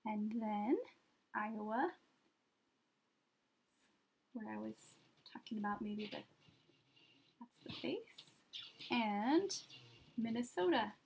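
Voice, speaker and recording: A woman teaching children an art lesson step by step, patient and gently encouraging, often pausing as she draws. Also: fairly high pitch, gravelly, slight background noise.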